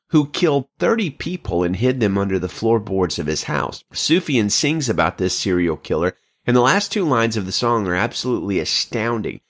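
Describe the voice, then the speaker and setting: A man preaching a sermon, reading scripture and retelling stories with emphatic, animated delivery. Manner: animated, emphatic preaching with sudden pitch jumps. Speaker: pastor.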